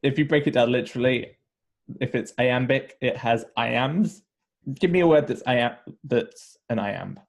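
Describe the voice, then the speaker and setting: A man's voice: mid-range voice, a little slow, gravelly. A man co-hosting a casual lesson on verse, asking questions and lightly teasing his partner. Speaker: co-host leading questions. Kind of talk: casual teaching chat.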